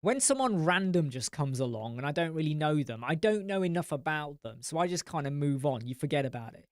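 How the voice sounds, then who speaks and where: A man with an English accent that mixes northern and southern, hosting a live stream chat and answering viewer comments in a blunt, animated way that swears freely. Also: on the high side, a little fast, no echo, clean studio sound. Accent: English, mix of northern and southern.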